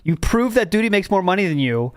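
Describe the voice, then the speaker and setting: A man's voice: sits high, very animated, quick pace, clear, resonant tone, no room sound. A man hosting a casual podcast, rambling and correcting himself as he talks. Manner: rambling, self-correcting, laughs at own jokes. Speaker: podcast host.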